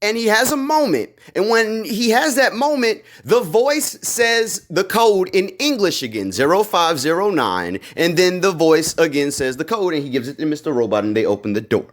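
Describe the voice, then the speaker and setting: A man giving a casual, excited recap of a TV episode, rambling with lots of fillers and slang. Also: high voice, moderate pace, few pauses. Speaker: video creator recapping a TV episode. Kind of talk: casual theory recap vlog.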